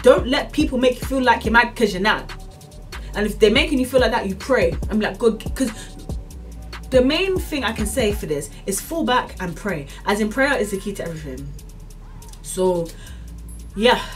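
A woman's voice: fairly high pitch, expressive, moderate pace, recorded from a distance, soft background music. A young woman, ranting casually to camera with lots of fillers and earnest, preachy encouragement. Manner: rambling, repeats itself, many fillers like "like" and "as in". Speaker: vlogger.

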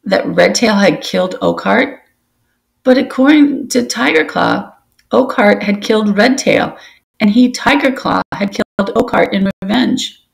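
A woman reading a children's novel aloud to her students, slow and careful, with small restarts. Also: mid-range voice, gravelly. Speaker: teacher reading to a book club.

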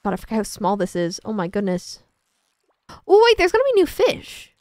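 Chatty woman streamer, bouncy pitch. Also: wildly swooping pitch, a little fast, darkish tone, dry recording, clean studio sound. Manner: chatty, self-mocking, talks to chat. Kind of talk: casual gameplay commentary.

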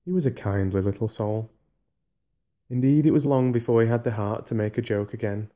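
A man reading an audiobook softly for sleep, in a calm, even way. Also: mid-range voice, a little fast. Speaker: audiobook narrator.

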